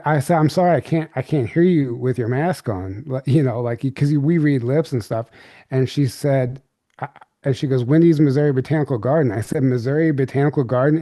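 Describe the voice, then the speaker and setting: A man speaking as an interview guest, winding through a story with lots of fillers and false starts. His voice is mellow and dark in tone. The sound is dry and close, with no room around it. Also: medium pitch, dry recording. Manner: rambling, filler-heavy recounting with many restarts. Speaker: podcast guest. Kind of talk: candid storytelling.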